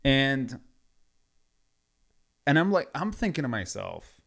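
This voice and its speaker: A man's voice: mid-range voice, slow, creaky. A man casually retelling a story with lots of quoted back-and-forth. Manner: animated retelling with many quoted exchanges.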